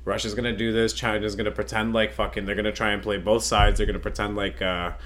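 A man's voice: fairly low pitch, fast talker. A man co-hosting a casual podcast chat, rambling and swearing freely as he makes his points. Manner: profane, rambling, animated.

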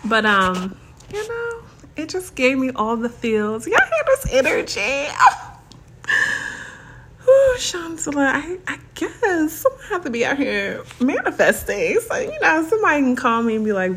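A young adult woman hosting a casual solo podcast, chatty and animated, laughing often and calling her listeners baby and y'all. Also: high-pitched, unhurried, a little hiss or hum. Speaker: podcast host.

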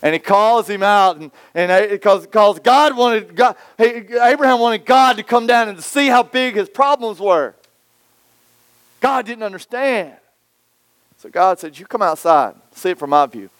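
A man preaching a sermon, telling stories and acting out quoted voices with lively swings. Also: sits high, measured pace, clean tone, no echo. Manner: storytelling, animated, acts out quoted voices. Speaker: pastor.

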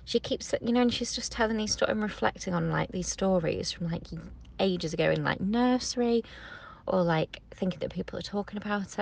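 A woman in her thirties with a low, gravelly voice. She talks in a candid, rambling, reflective way, leaning on "like" as she thinks aloud. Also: lively intonation, a little fast. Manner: rambling and reflective, with many "like" fillers. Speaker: podcast co-host. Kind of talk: casual heartfelt chat.

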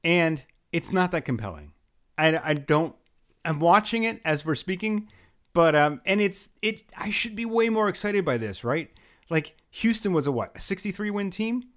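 A man's voice: high voice, sing-song, moderate pace, fairly bright tone. A man co-hosting a casual sports chat, blunt and swearing, laughing often. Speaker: podcast co-host.

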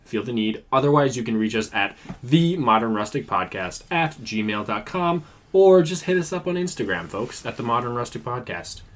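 A man's voice: medium pitch, sing-song, normal speed, hardly any pauses. A man co-hosting a podcast in casual chat, rambling and poking fun at himself. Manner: rambling, self-mocking, chatty. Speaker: podcast co-host.

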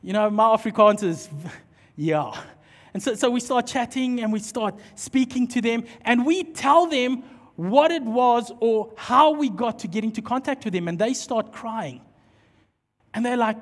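A man preaching a sermon and telling a story, acting out dialogue in an animated way. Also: extremely high pitch, measured pace. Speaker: pastor. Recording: long hall reverb.

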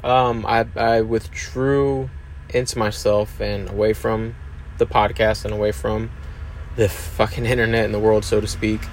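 Guy with a lowish voice doing a solo podcast, lots of ums, real open and confessional. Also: little pitch movement, a little slow, a little hiss or hum. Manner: hesitant, many fillers and restarts, open and confessional. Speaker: podcast host. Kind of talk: candid solo podcast monologue.

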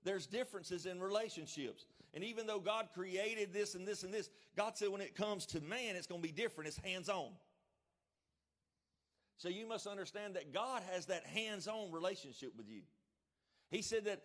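A male pastor preaching a sermon, emphatic, checking in with the congregation and shouting out now and then. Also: sits high, lively intonation, normal speed. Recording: long reverb of a church hall.

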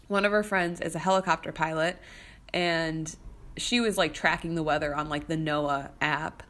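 Young woman rambling chattily, fillers everywhere, kinda low voice. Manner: animated, chatty, many fillers and restarts. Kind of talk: casual storytelling monologue.

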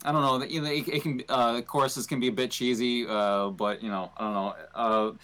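A man in casual podcast chat, speaking in a halting way and restarting his sentences often. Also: medium pitch, fairly even intonation, fairly bright tone. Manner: hesitant, halting, many restarts.

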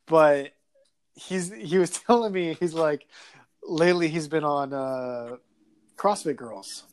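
A man co-hosting a podcast and telling stories in casual chat. He is animated, crude and often laughs. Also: on the high side, slow. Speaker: podcast co-host.

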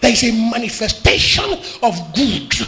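A male pastor preaches in a very high, lively voice that swings up and down in pitch. His tone is gravelly with fry, and he drives his points home by shouting and half-singing his lines. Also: normal speed. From Nigeria. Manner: emphatic preaching with shouted and sung-out phrases. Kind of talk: sermon.

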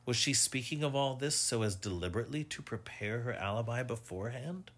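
A man reading a mystery story aloud as narrator, in a measured, even storytelling manner. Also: medium pitch.

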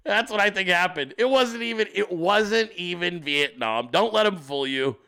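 Gravelly, animated, swearing male host. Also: high-pitched, moderate pace. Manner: animated, laughing and profane. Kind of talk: profane comedic political commentary.

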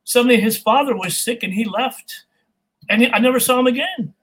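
A middle-aged man with a high, husky voice speaks as a guest in an interview. He is animated and laughs often, and he breaks into quick imitations as he talks. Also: low-quality recording. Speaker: guest, voice and accent coach. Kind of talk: casual interview storytelling.

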